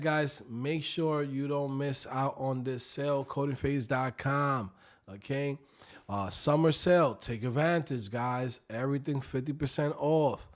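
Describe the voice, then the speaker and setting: Animated, swearing live stream host, man. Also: on the high side. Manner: animated storyteller, profane and joking. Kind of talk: casual live stream chat.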